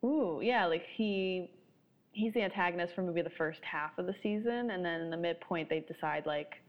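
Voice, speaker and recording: A bubbly woman in easy, casual conversation, laughing often as she riffs on ideas. Her voice sits a little low for a woman. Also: moderate pace, highs cut off. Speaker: co-host brainstorming a story. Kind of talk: casual chat.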